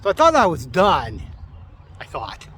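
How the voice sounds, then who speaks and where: A man's voice: fairly high pitch, wildly swooping pitch, unhurried, fairly bright tone, a little hiss or hum. A man vlogging outdoors in town, grumbling and sarcastic as he rants about local problems. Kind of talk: casual outdoor vlog rant. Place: outdoors in a town, near traffic.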